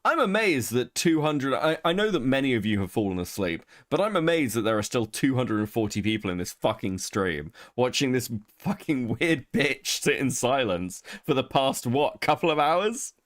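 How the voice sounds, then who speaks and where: A man's voice: mid-range voice, sing-song, moderate pace, few pauses, fairly bright tone, no room sound, clean studio sound. A young man chatting casually on a livestream, joking and swearing as he reads chat. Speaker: streamer co-host.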